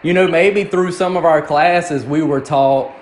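A man's voice: on the high side, measured pace, slight background noise. A man with a South Mississippi accent hosting a show, asking rambling, folksy questions in casual chat. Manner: rambling, searching for words, folksy. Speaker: radio show host.

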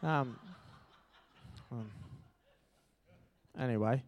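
A man's voice: medium pitch, drawn-out words, muffled recording, slight background noise. An Australian man giving a casual, chatty sermon at church, joking and using lots of fillers. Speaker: preacher. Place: church hall.

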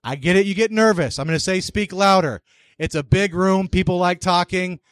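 Holding a handheld mic in a big room, a man emceeing an investors' meeting bosses the crowd around, blunt and joking. His voice is high and fairly quick, and there's no room sound in the recording.

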